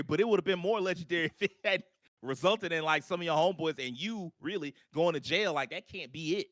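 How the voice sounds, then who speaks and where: A man co-hosts a live online show in loose, rambling chat. His voice is bright and sits a little high, and the sound is dry and close. He keeps slipping into quick impressions of other people as he talks. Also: dry recording. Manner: animated, talks in long runs with "like" and quoted voices. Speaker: podcast co-host. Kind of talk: casual live-stream chat.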